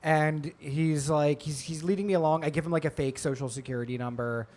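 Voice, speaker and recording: Animated man telling a comedy story. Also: a little high, a little fast. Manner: animated storyteller, acts out callers. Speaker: podcast co-host. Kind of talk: casual comedic podcast chat.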